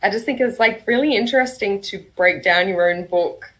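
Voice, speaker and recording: Bright, chatty Australian woman. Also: mid-range voice, moderate pace, poor audio. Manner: chatty, laughs often while talking. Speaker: guest author. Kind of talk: casual panel chat.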